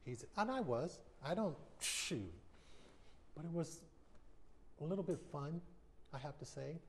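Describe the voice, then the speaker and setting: A man's voice: fairly high pitch, lively intonation, unhurried, a little hiss or hum. An American man in his fifties, a guest in a sit-down TV interview, speaking candidly and reflectively. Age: 50s. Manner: candid, reflective, acts out quoted voices. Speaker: interview guest, retired baseball player.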